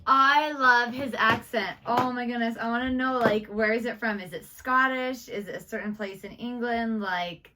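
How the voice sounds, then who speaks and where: A young woman teacher chatting casually on a reaction video, animated and quick to act out what she says to students. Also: fairly high pitch, slight background noise. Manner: animated, laughing, acts out classroom lines. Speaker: middle school teacher and reaction video co-host. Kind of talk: casual chat.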